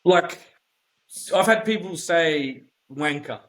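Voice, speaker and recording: A man's voice: a little high, lively intonation, slow, a bit bright, low-quality recording. A man with an Australian accent, a podcast guest talking bluntly and rambling, with plenty of swearing, in a casual chat. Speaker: podcast guest, offroad YouTuber.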